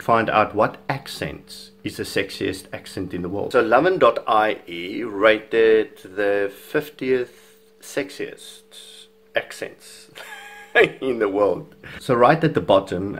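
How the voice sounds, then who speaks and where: A South African fitness vlogger whose first language is Afrikaans gives chatty, opinionated video commentary, chuckling often. His voice is on the low side and a bit bright.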